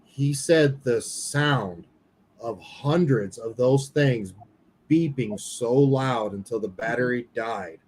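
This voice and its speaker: A man's voice: mid-range voice, slow pace, a little mellow, slight background noise, rough recording. Male podcast co-host, mid-range voice, loose and candid storyteller. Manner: candid, swears casually, retells dialogue. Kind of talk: casual storytelling chat.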